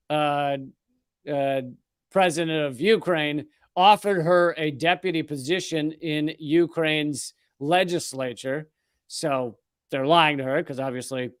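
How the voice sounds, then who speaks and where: A man's voice: a little high, a bit bright, clear, resonant tone, dry recording, studio quality. A man hosting a live political commentary show, sardonic and profane, with frequent digressions. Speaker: host.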